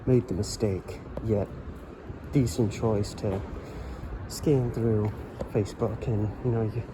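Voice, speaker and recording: A man's voice: on the low side, fairly even intonation, takes it slowly. A man vlogging as he walks city streets at night, ranting heatedly with lots of "you know" fillers. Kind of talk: casual walking vlog monologue. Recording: street noise with passing traffic. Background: traffic and urban ambience.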